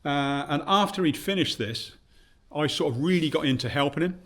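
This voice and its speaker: A man's voice: fairly high pitch, moderate pace, fairly bright tone. A man who runs a bike shop, reminiscing casually on camera in his shop, rambling with many fillers and restarts and acting out remembered conversations. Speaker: bike shop owner and vlogger.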